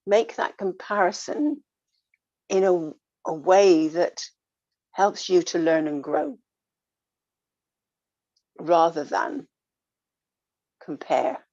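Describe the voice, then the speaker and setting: A woman talking earnestly in a casual reflective way, coaching gently and repeating her phrases. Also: lowish voice, slow pace, pauses often, dry recording. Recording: dull lo-fi dry sound.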